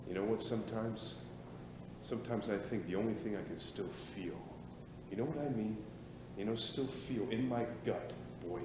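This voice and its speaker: An actor playing a swaggering, reckless ex-jock. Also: male voice, lowish voice, normal speed, close to an everyday voice. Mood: wistful. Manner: swaggering, rambling, prods listeners with "right?" and "boy". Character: reckless boastful middle-aged ex-athlete, bored and restless. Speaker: stage actor. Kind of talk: live stage play acting. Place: small theater stage. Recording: echoey theater stage, distant mic, noisy.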